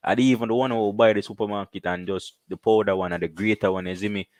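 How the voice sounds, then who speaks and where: A Jamaican man hosting a casual live stream, chatting loosely and giving shout-outs to viewers. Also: on the low side, fairly even intonation, fast, dry recording.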